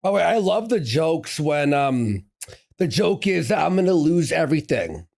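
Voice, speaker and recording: Male co-host, gravelly, lively sarcastic delivery. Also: on the high side, moderate pace. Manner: sarcastic, laughing. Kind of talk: reaction commentary.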